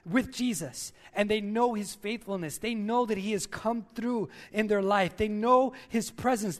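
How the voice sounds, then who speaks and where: A male pastor preaching a sermon, talking straight to his listeners and repeating key lines for emphasis. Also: extremely high pitch.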